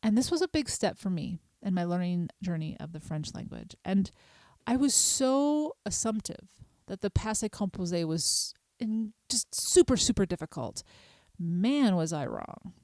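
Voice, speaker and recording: A middle-aged woman, hosting a podcast and patiently explaining a small language lesson, spelling words out slowly. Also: mid-range voice, expressive, darkish tone, no room sound. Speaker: podcast host.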